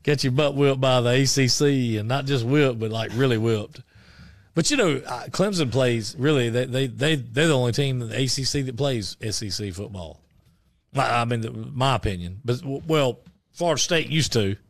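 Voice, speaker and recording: A man's voice: mid-range voice, dry recording. Male co-host who stumbles and restarts mid-thought, with a dry studio sound. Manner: rambling, halting, many restarts. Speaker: radio show co-host. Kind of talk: casual sports chat.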